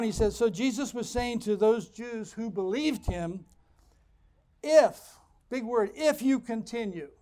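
A man preaching a sermon as pastor, reading scripture and explaining it with animated asides to his congregation. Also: high voice.

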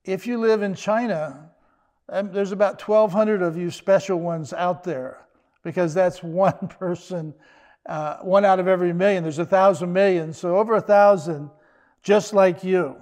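Older guy preaching, high voice, chatty and joking. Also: steady tone, normal speed, darkish tone. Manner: conversational, joking asides. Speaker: pastor. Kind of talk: sermon.

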